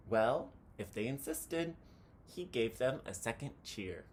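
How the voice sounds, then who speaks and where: A man reading a children's picture book aloud, chanting the counting cheers with animated delivery. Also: medium pitch, slow, slight background noise.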